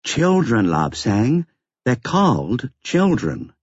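A man's voice: mid-range voice, huge pitch swings, slow pace, slightly rough, no echo, highs cut off, pitched above the performer's own voice, full character voice. A man putting on a dry, wry older woman. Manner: wry, teasing, matter-of-fact. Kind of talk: audiobook character voice.

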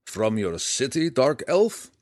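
A man voicing a gruff male deep gnome warden who shouts his words. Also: big pitch swings, takes it slowly, no echo, studio quality. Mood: demanding.

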